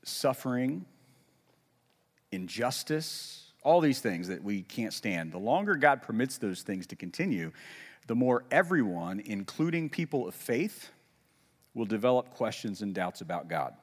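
A man preaching a sermon in a casual, conversational way, with self-deprecating humor and lively emphasis when quoting. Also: mid-range voice, a little slow, long reverb tail. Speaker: pastor.

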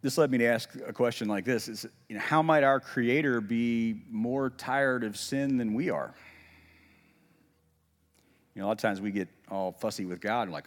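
A man preaching a sermon in a casual, conversational way, with self-deprecating humor and lively emphasis when quoting. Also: medium pitch, moderate pace, big-room sound. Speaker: pastor.

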